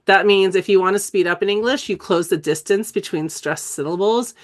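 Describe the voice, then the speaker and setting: Her voice medium-pitched and a little fast, a woman runs a dyslexia training webinar despite having a cold. She coughs and clears her throat but stays enthusiastic and conversational, spelling letters aloud to explain.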